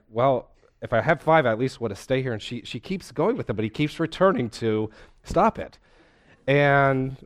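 A man preaching a conversational sermon to a congregation, asking them questions and retelling a scene. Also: fairly low pitch. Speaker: pastor. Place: church hall with a congregation.

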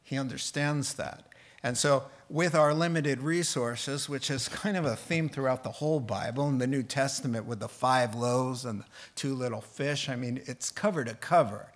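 A man's voice: medium pitch, moderate pace. A man preaching a Bible sermon in a conversational way, with joking asides. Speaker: pastor.

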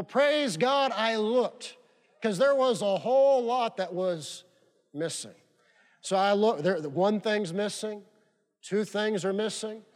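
A man with a notably high voice delivers a sermon from the pulpit. He drives his points home with emphatic repetition. His words trail off into the long reverb of a big sanctuary. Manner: emphatic, repeats key phrases for stress. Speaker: pastor. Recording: long reverb of a large hall.

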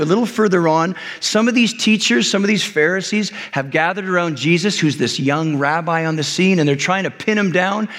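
A man's voice: fairly high pitch, fairly bright tone, big-room sound. Man preaching a casual, jokey sermon. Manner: conversational, jokey, with many restarts and acted-out quotes. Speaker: pastor.

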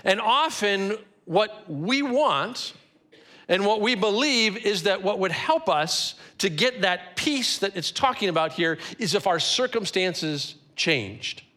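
A man in his forties preaches with a high, bright voice that carries easily. His delivery is earnest and conversational, and he draws out key phrases for weight. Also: animated, slow pace. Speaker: pastor. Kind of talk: sermon.

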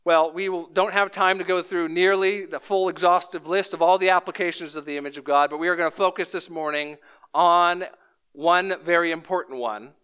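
A man in his thirties preaching a sermon as pastor, measured and emphatic, repeating key lines. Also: fairly high pitch, bright, forceful tone, clear, resonant tone.

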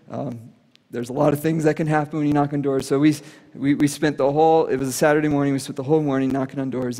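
A man preaching a sermon, telling a personal story earnestly and dropping to a hush at solemn moments. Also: on the high side. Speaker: pastor. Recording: reverberant hall.

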